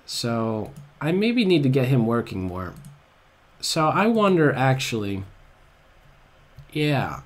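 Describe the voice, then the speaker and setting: Excitable chess streamer man, slow-talking. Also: medium pitch. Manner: excitable, groans and laughs at his own blunders. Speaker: chess commentator. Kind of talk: live game commentary.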